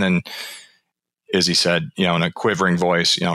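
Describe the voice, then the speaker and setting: A man's voice: low-pitched, flat delivery, brisk, long pauses, pushed and bright, dry recording. A man being interviewed about his book, explaining research and telling anecdotes in a conversational way. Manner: storytelling, explanatory, frequent restarts.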